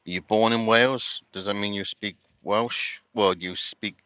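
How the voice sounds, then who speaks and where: A man's voice: on the low side, fairly even intonation, a little slow, pushed and bright, smooth, dry recording, lo-fi sound. A man with a London accent chatting casually to his viewers on a livestream, rambling and asking them questions. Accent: London English. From London, England. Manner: rambling, talks to chat viewers while doing chores. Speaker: livestream host.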